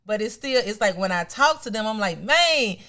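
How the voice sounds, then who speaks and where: A woman's voice: mid-range voice, fairly quick. A woman co-hosting a podcast in casual chat, talking things through and acting out quoted exchanges. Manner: animated, acts out quoted exchanges. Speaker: podcast co-host.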